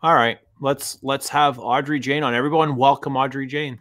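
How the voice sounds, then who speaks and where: A man hosting a casual livestream chat over a video call, lively and teasing, with short questions and remarks. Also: medium pitch, moderate pace. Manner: lively, teasing, brief interjections. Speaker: livestream host.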